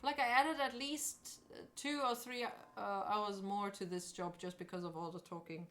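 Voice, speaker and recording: A woman's voice: medium pitch, fairly even intonation, moderate pace, a bit bright, slight background noise. A woman streamer chatting casually while she sews, talking to herself and answering her chat in a playful way.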